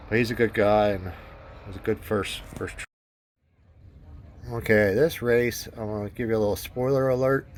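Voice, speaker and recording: A man's voice: fairly low pitch, darkish tone, a little hiss or hum. A man telling a casual, rambling story about his car hobby in a voice-over, full of fillers and restarts, chuckling often.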